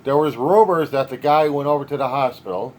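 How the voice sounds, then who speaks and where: A man's voice: medium pitch, a little fast, a little hiss or hum. A man talking alone in a video diary, rambling in a sardonic, wisecracking way. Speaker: video diarist. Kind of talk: rambling personal monologue.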